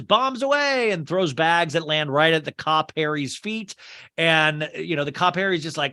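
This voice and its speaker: Animated man recapping a movie. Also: on the high side, normal speed. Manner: animated, does funny character voices. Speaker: podcast host. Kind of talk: casual movie recap with acted quotes.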